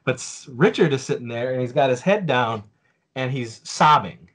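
A man's voice: medium pitch, expressive, moderate pace, a bit bright, husky. A man in his forties on a casual podcast, telling a story with lots of fillers and restarts. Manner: rambling, with many fillers and restarts.

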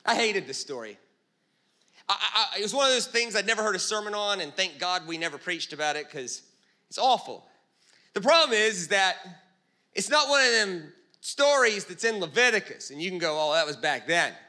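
A male preacher tells Bible stories with humor and quick asides. His voice is high and very bright. It rises and falls constantly as he talks. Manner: animated storyteller, jokey, quick asides. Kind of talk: comedic sermon.

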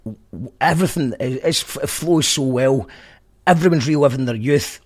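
A man's voice: medium pitch, moderate pace, darkish tone. A Scottish man hosting a podcast, chatting casually in a rambling, jokey way. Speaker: podcast host. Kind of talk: casual monologue recap.

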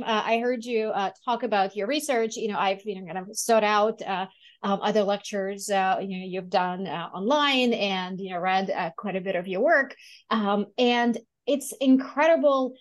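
A woman co-hosting a podcast, speaking admiringly to the guest with many hesitations and fillers. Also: medium pitch. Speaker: co-host. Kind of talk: conversational interview.

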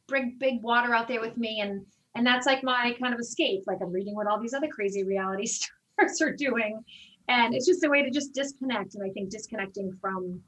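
A woman fitness instructor with a fairly high voice chats in an interview, animated and quick to act out the exchanges she retells. She sits a little away from the microphone, so her voice sounds slightly distant. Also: slight background noise. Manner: animated storyteller, acts out quoted exchanges. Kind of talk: casual interview talk.

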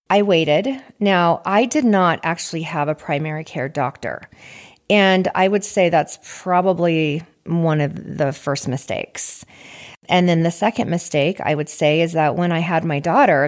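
A young adult woman with a slightly low voice shares her own story on a podcast. She speaks in an earnest, heartfelt way, and her faith comes through as she talks. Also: a little mellow. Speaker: podcast host. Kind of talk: personal storytelling.

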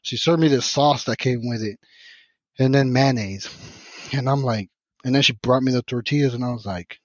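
A man's voice: medium pitch, normal speed, dry recording. Podcast guest, man from Mexico, loose and profane storyteller, dry lo-fi podcast audio. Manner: profane, rambling, animated retelling with many restarts. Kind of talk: casual storytelling.

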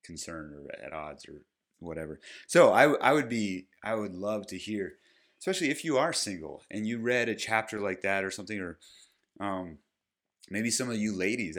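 A man's voice: sits low, a bit bright. A man hosting a solo podcast about his own book, talking casually and thinking aloud with frequent restarts. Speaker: podcast host and author.

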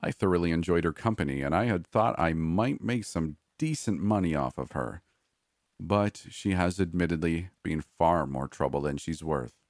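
A man voicing a cruel, smug man who holds a captive, speaking calmly and condescendingly in a scripted horror story. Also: low-pitched, moderate pace, no echo, clean studio sound. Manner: calm, cold, condescending.

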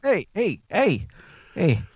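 A man's voice: high-pitched, huge pitch swings, takes it slowly, slightly rough, no echo, lo-fi sound. A man appearing as a guest in scripted comedic radio banter, hesitant and full of fillers but reassuring.

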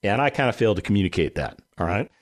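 A man hosting a real estate radio show, telling a story in an animated way and acting out the quotes. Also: fairly low pitch, racing. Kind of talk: talk radio monologue.

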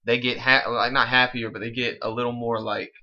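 A man's voice: mid-range voice, flat delivery, fairly quick, sharp tone, muffled recording. A man co-hosting a casual music review chat, laid-back and slangy, working through his thoughts with restarts. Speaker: music podcast co-host.

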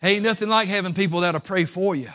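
A male pastor preaching a sermon in a folksy way. His voice sits high and rings bright, and he moves between hushed asides and fervent pleading. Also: quick pace. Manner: folksy, swings from quiet asides to impassioned pleading.

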